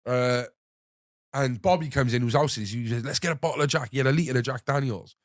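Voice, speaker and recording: A man's voice: medium pitch, fast, no echo, studio quality. A man casually telling a long anecdote as a podcast guest, rambling, swearing freely and leaning on "you know what I mean".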